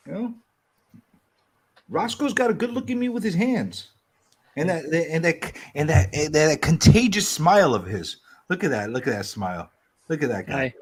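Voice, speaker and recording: A man in a casual group video chat, teasing the others with loud, rambling, playful bluster. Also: a little high, big pitch swings, moderate pace, husky. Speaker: community hangout regular.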